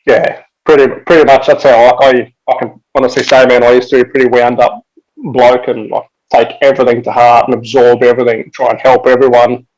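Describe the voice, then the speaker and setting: A man's voice: medium pitch, level tone, fairly quick, darkish tone, poor audio. A man, a podcast guest talking in casual chat, laid-back and swearing freely, saying "man" and "like" a lot.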